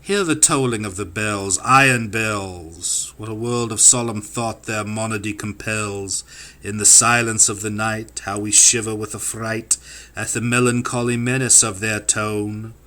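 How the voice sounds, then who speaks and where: A man's voice: fairly low pitch, fairly even intonation, normal speed, bright, forceful tone. A man reading classic poems for an audiobook, with a rhythmic, incantatory delivery that sweeps up and down. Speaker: audiobook reader. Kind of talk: dramatic poetry reading.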